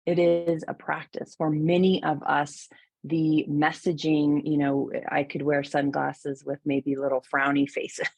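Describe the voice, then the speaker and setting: A middle-aged woman giving a gentle, reflective mindfulness talk, with soft laughs and fillers. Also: sits low, gravelly, breathy edge, no echo. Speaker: mindfulness teacher.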